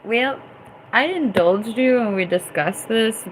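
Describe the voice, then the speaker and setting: This woman, a livestream host and DJ, chats casually with her audience in a fairly high-pitched voice, speaking slowly over background noise. She's giggly and laughs often, reacting loudly to viewer comments.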